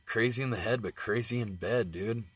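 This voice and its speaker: A man's voice: lowish voice, normal speed, a bit bright, breathy edge, no echo. An American man vlogging live, telling crude personal stories in a rambling, casual way and laughing at himself. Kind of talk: casual livestream storytelling.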